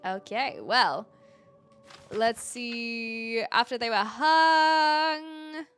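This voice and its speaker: A woman's voice: fairly high pitch, extremely slow, fairly bright tone, clear, resonant tone, faint music behind. An American woman streaming a game, chatting casually, laughing often and answering chat. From United States. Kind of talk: casual live game commentary.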